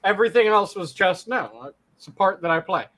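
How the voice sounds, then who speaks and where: A man's voice: high voice, animated, fairly quick, a bit bright. A man who acts on stage, co-hosting a casual online chat and telling stories emphatically with plenty of swearing. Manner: emphatic, profane storytelling. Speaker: podcast co-host and stage actor.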